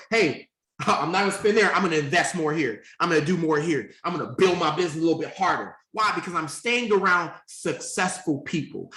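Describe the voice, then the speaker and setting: A man's voice: sits high, pushed and bright, roomy sound. A man, a life coach, giving a motivational talk on changing habits, emphatic and repetitive, often checking in with "okay". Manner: emphatic, repeats points, frequent "okay" check-ins.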